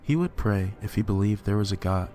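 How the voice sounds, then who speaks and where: A man reads a horror story aloud in a measured, somber way. His voice sits low, and quiet music plays faintly beneath the narration.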